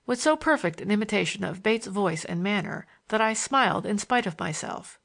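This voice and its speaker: A woman narrating a first-person novel in a measured, even reading. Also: mid-range voice, creaky. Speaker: audiobook narrator.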